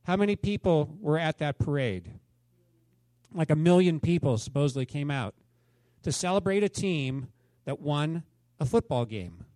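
Male pastor, conversational sermon, questions to the congregation, fairly high voice, dry sound. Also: expressive, normal speed, dark tone, dry recording.

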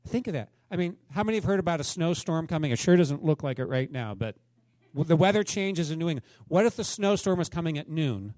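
Middle-aged pastor guy preaching, kinda high voice, goes big then goes quiet, dry close sound. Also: lively intonation, fast, dry recording. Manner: dramatic storytelling, swinging from loud exclamations to hushed asides. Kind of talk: sermon.

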